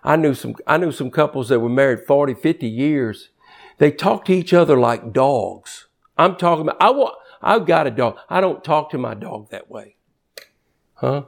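A man preaching a sermon in an animated, conversational way, reading scripture quickly and jumping sharply in pitch for emphasis. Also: vocal fry. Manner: reads scripture aloud quickly.

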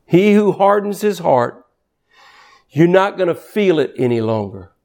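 A man preaching a sermon in an animated, conversational way, reading scripture quickly and jumping sharply in pitch for emphasis. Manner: reads scripture aloud quickly.

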